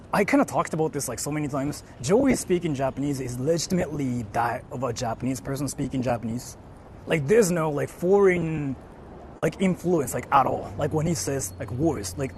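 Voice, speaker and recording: A man's voice: a little high, expressive, moderate pace, darkish tone, a little hiss or hum. A young man live-streaming outdoors on a city street, reading chat aloud and rambling with lots of "like". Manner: rambling, heavy use of "like". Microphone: portable streaming mic.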